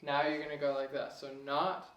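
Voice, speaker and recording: A young man giving a casual piano lesson, relaxed and chatty, chuckling at himself now and then. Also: fairly high pitch, moderate pace, far from the mic, dull audio. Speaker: piano teacher. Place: room with a piano. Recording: echoey room, voice off-mic.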